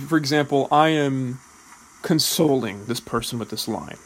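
A man who is an actor, explaining drama school training in a deliberate, measured way, often restarting words. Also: medium pitch, fairly bright tone, slight background noise, low-quality recording. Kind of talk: explanatory talk.

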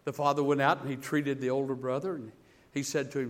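This male preacher talks fast with a flat delivery and medium pitch, yet his sermon still rises into loud, emphatic build-ups and falls into hushed, intimate sections. He repeats words frequently as he builds.

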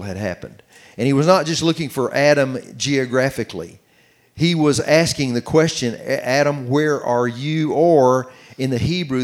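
A middle-aged man preaching on marriage, reading scripture slowly and commenting as he goes. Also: mid-range voice. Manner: earnest, reads scripture slowly with running commentary. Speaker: pastor teaching on marriage. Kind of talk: sermon-style Bible teaching.

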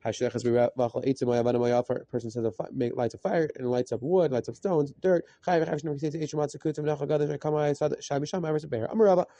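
A man giving a rapid Talmud lesson, reading through Aramaic text in a quick chant and translating it as he goes. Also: on the high side, steady tone, warm tone, no echo. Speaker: Talmud teacher. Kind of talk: rapid daf yomi lesson.

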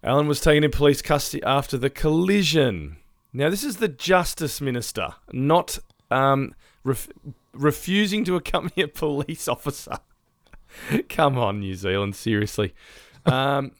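A man co-hosting a podcast, ranting loosely and swearing as he goes, breaking into laughter mid-thought. His voice sits at an ordinary male pitch. The sound is close and dry, with no room around it. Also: animated, moderate pace, no echo. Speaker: podcast co-host. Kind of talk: casual chat.

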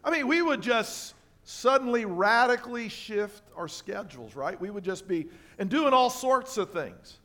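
High-voiced pastor preaching with animated swings. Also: male voice, measured pace. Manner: animated, swings between loud emphasis and quiet asides; asks the congregation rhetorical questions. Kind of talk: sermon. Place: church sanctuary.

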